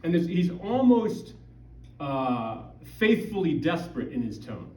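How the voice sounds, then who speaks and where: A man's voice: fairly high pitch, sing-song, a little slow, dark tone. A middle-aged man from Montana giving a conversational, emphatic public talk to a parish audience, full of rhetorical questions. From Montana, USA. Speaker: guest speaker at a parish. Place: parish hall or church. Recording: dull, roomy, distant hall recording.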